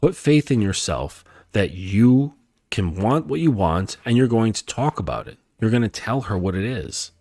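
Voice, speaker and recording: A male dating coach giving a calm, emphatic coaching talk, repeating his points and often checking in with "okay?". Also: fairly low pitch, normal speed, no echo, soft background music. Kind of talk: lecture-style coaching talk.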